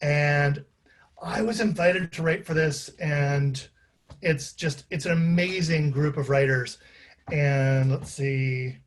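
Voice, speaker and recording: A man's voice: fairly high pitch, takes it slowly. A man, an author and playwright, chatting casually to a live audience with self-deprecating asides.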